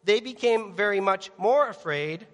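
Male preacher, high-pitched, animated delivery with acted-out voices, hall reverb. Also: measured pace. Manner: animated, acts out voices of worried people and Jesus; asks the audience direct questions. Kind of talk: sermon. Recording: long reverb of a large hall.

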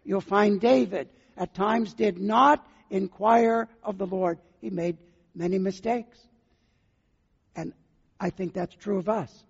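A man's voice: sits high, slow pace, gravelly, husky. An older man preaching a sermon as a pastor, earnestly putting questions to his listeners. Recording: muffled sound with long hall reverb.

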